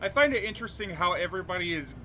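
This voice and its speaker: A man's voice: high-pitched, lively intonation, racing, pushed and bright, faint music behind. Laid-back male streamer. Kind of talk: casual gameplay commentary.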